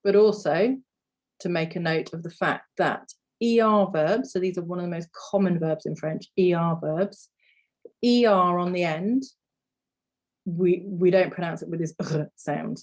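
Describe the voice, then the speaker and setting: A woman's voice: on the low side, unhurried, a little mellow. A woman teaching a phonics lesson, explaining patiently and modelling sounds for learners to repeat. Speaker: language teacher.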